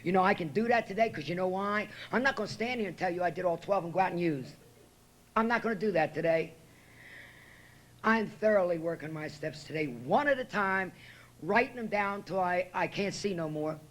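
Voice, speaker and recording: A woman's voice: lowish voice, brisk. A woman speaking at a podium in a meeting room, telling her recovery story in a blunt, profane and emotional way. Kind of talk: personal recovery talk at a meeting.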